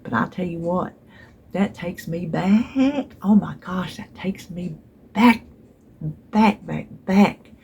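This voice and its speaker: A woman's voice: lowish voice, takes it slowly, creaky, a little mellow, a little hiss or hum. A middle-aged woman with a Southern US accent, chatting casually to her phone at home in a wandering, rambling way. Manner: chatty, rambling, trails off and restarts, wistful asides. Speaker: vlogger. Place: home, seated in a chair.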